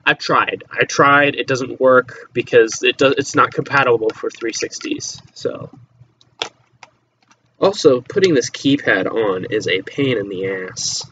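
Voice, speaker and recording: A man's voice: medium pitch, unhurried, a bit bright, muffled recording, slight background noise. A teenage boy vlogging at home, chatting casually and offhandedly, rambling, swearing now and then and trailing off into mutters, recorded on a laptop microphone. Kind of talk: casual rambling chat to camera.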